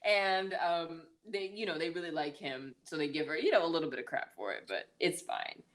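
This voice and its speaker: Low-voiced chatty woman recapping a movie. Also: animated, moderate pace. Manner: chatty, full of "like" and "um"; laughs now and then mid-story. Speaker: podcast co-host. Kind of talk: casual movie review recap.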